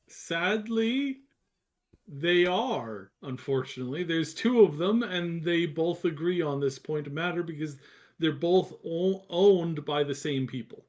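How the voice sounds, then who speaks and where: A man co-hosting a live gaming news stream, explaining things in a calm, measured way. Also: fairly high pitch. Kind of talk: casual live-stream chat.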